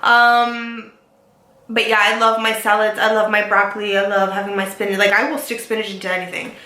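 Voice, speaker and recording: A young beauty and lifestyle vlogger chats casually to camera in an echoey room, rambling with lots of "like" and "um". Her mid-range voice is pushed and bright, with a flat delivery at a fairly quick pace.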